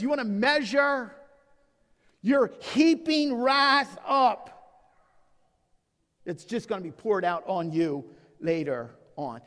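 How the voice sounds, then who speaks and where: A man's voice: extremely high pitch, a bit bright. A man preaching a sermon as pastor, emphatic and full of rhetorical questions and personal stories. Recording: long church reverb.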